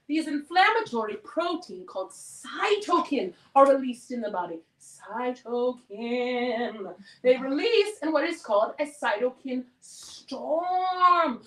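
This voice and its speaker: A woman's voice: high voice, recorded from a distance. A woman performing a live solo stage monologue, wry and candid, sighing and swearing as she talks. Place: theater stage before an audience. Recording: echoey stage recording from afar, music behind.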